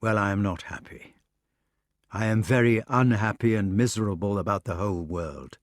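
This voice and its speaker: Reading an audiobook, a man voices an earnest, brooding knight pleading with his beloved. His fairly low voice, close to an everyday one, moves at a moderate pace in a dry, clean studio recording.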